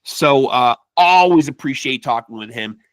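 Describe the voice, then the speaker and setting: A man's voice: mid-range voice, animated, moderate pace, no room sound. A man hosting a podcast in loose, profane casual chat, tacking "man" onto nearly every phrase. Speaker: podcast host.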